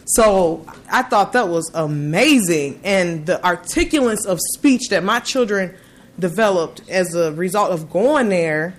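A woman in her thirties, a parent, gives personal testimony in a lowish voice at a slightly slow pace. She tells her story earnestly and animatedly, restarting many times.

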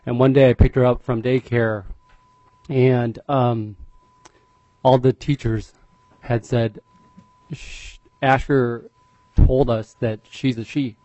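This parent speaks at a legislative hearing with a warm, medium-pitched voice that barely moves in pitch, his testimony earnest, emotional and halting with repetitions. There's no room sound; the audio is dry and slightly dull, without sparkle.

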